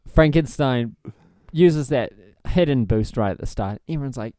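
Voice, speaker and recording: A man's voice: mid-range voice, expressive, measured pace, dark tone, no room sound. A man co-hosting a casual podcast, rambling and joking, laughing often. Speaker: podcast co-host. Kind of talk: casual comedic chat.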